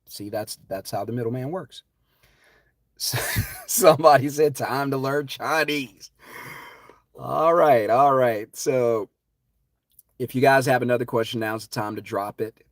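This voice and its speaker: A man hosting a live stream in a fervent, preachy voice, with dramatic swings between loud and hushed. His voice sits at a middling pitch. The sound is dry and close, with no room echo. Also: unhurried, long pauses. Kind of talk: impassioned live-stream talk.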